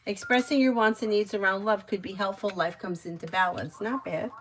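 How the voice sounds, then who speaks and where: A woman's voice: mid-range voice, brisk, a bit bright, slight background noise, poor audio. Chatty woman reading tarot live. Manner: chatty, laughs often, many fillers. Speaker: tarot reader.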